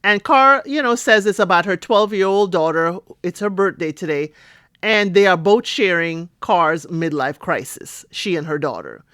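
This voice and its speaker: A woman's voice: on the low side, normal speed, no room sound, studio quality. Chatty woman recapping a TV episode. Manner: chatty, animated retelling with playful asides and laughs; acts out characters' lines in quotes. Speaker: podcast host recapping a TV episode. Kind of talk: casual recap commentary.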